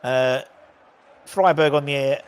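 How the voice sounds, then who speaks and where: A man's voice: medium pitch, takes it slowly, smooth. Chatty man hosting a match watchalong. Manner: chatty, jokey, banter with viewers. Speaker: host of a live match watchalong. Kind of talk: casual live commentary and chat reading.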